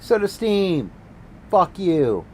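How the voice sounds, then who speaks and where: A man's voice: high voice, sing-song, takes it slowly, slight background noise, rough recording. A man streaming a game, ranting casually and sarcastically with plenty of swearing. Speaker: gaming streamer. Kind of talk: casual ranting commentary while gaming.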